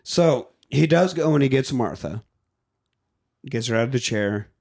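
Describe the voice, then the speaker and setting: A man's voice: medium pitch, a little slow, gravelly. A man on a podcast, casually recapping a film's plot, acting out the characters' lines. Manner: animated retelling with acted-out lines, swearing. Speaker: podcast host. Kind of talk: casual movie recap chat.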